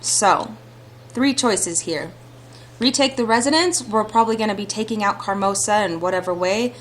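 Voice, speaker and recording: A woman's voice: mid-range voice, normal speed, slight background noise. A woman hosting a let's play, musing casually about the story choices. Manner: chatty and musing. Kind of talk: casual game commentary.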